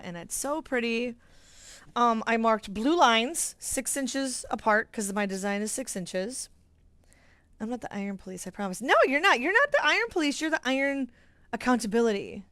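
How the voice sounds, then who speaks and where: A middle-aged woman with a bright, slightly high voice chats away to her livestream viewers, greeting them by name and cheering over her own progress. The sound is dry and close, with no room in it. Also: smooth, dry recording. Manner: bubbly, chatty, talks to viewers by name. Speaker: quilting livestream host. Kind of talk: casual livestream chat while sewing.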